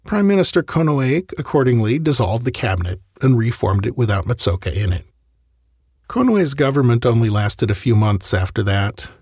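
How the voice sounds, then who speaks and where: A man's voice: medium pitch, expressive, moderate pace, a little mellow, slightly rough, no room sound, clean studio sound. A man narrating a history story in a scripted style, with wry conversational asides.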